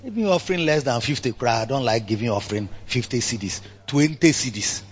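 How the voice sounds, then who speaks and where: A man with a Ghanaian accent preaching a church sermon, swinging between loud exhortation and quiet asides, slipping Twi phrases in among the English. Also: mid-range voice, animated, a little fast, highs cut off, a little hiss or hum. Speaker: pastor. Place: church service.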